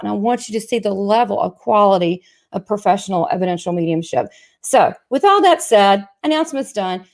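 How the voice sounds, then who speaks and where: Chatty Southern woman hosting a live show. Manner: chatty, excitable, self-mocking, sales pitch asides. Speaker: medium and show host. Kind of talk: live chat show talk.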